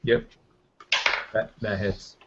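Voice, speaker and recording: A man's voice: slow pace, background noise. A man narrating as game master in a loose, rambling way with lots of fillers. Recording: muffled lo-fi audio.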